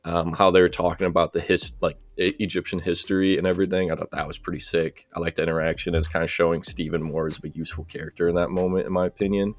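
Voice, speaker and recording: A man with a deep, low voice chats casually as a podcast co-host. His talk is relaxed and rambling, and it perks up when he finds something funny. The sound is dry and close, with no room around it. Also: fast, hardly any pauses, no echo. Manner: relaxed, rambling, gets animated when amused. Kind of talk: casual chat.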